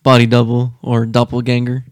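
A man's voice: medium pitch, normal speed, dry recording. Easygoing man, mid-range voice, casual car chat, dry close sound. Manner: relaxed, brief replies, casual swearing. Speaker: co-host.

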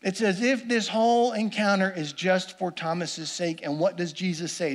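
A man delivers a sermon in a fairly high voice. He is earnest and builds his points through repetition. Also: steady tone, moderate pace, hardly any pauses. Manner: earnest, repeats phrases for emphasis. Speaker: pastor.

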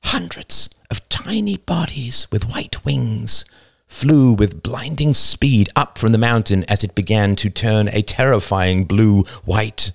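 A man narrating a novel as an audiobook, slow, deliberate and dramatic. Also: lowish voice, gravelly, no echo, clean studio sound.

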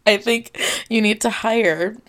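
A woman's voice: on the high side, slow, fairly bright tone. A young woman co-hosting a podcast in casual chat, teasing her friend and laughing often. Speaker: podcast co-host.

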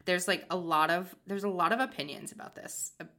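A woman's voice: fairly low pitch, brisk, bright, forceful tone. A young woman co-hosting a podcast, chatting casually and drifting into tangents with lots of fillers. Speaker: podcast co-host. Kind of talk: casual chat.

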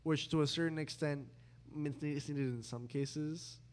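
A man's voice: fairly high pitch, steady tone, normal speed, darkish tone. Young man teasing with dry sarcasm. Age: young adult. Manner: rambling, many restarts, dry sarcastic teasing. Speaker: podcast host. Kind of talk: casual sibling chat.

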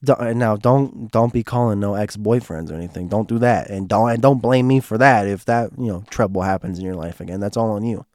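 A man with a low, hoarse voice tells a personal story straight to his listeners. He rambles and circles back, mixing earnest feeling with quick jokes. The recording is dry and close, with no room sound. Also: a little mellow, dry recording. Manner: rambling, restarts often, heartfelt and joking. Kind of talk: casual personal storytelling monologue.

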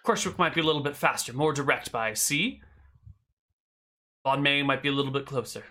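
A man's voice: medium pitch, brisk. A man running a tabletop role-playing game as game master, narrating casually with frequent hesitations. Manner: relaxed, hesitant with fillers.

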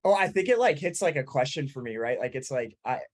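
A man's voice: mid-range voice, fairly quick. A young man, a podcast co-host, chatting casually with lots of "like" fillers and jokes. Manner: fillers of "like", lively, joking. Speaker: podcast co-host, former college team captain. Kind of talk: casual conversational chat.

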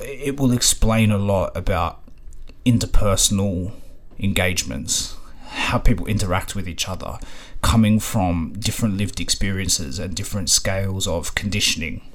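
Deep-voiced Australian man rambling casually. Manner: rambling, casual swearing, frequent fillers. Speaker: podcast host. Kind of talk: casual storytelling monologue.

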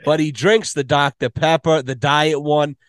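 A man's voice: on the high side, steady tone, unhurried, smooth, no echo. Profane storytelling man, dry sound. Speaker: podcast host. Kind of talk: casual chat.

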